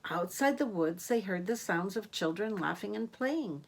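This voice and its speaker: A woman reading a storybook aloud to children, gentle and asking the listener questions. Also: medium pitch, animated, moderate pace, vocal fry.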